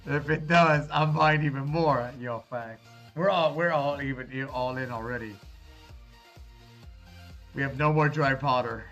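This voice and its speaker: A man's voice: a little high, fairly bright tone. Laid-back male streamer reading chat. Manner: laid-back, reassuring, calls viewers brother. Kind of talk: casual livestream chat. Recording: dull lo-fi stream audio with faint music.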